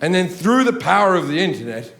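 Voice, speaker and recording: High-voiced comic ranting on stage. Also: male voice, sing-song, fairly quick, creaky, heavy background noise. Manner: profane, ranting, ramps up to shouting. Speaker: stand-up comedian. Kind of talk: stand-up comedy set. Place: large theatre stage. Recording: live theatre with audience. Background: audience laughter.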